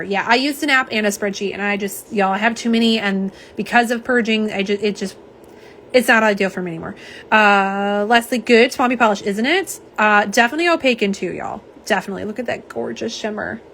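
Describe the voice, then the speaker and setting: A woman's voice: mid-range voice, a bit bright, a little hiss or hum. A woman hosting a live nail polish unboxing, chatting casually and reading viewer comments aloud. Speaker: nail polish livestream host. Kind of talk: live unboxing and swatching chat.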